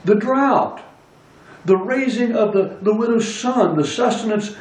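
A man's voice: extremely high pitch, unhurried, a little mellow. A man preaching a sermon, reading scripture aloud and stressing single words. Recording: echoey room, speaker far from mic.

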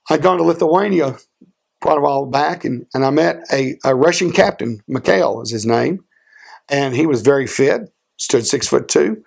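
Man preaching, gravelly fry, husky tone, earnest rhetorical questions, slows for emphasis. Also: fairly high pitch. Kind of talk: sermon with a personal story.

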